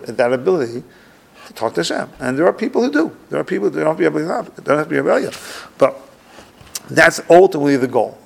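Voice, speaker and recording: In a religious lecture, a man reads Hebrew passages aloud and translates them line by line, restarting often as he works through his thoughts. His mid-range voice carries vocal fry and a breathy edge.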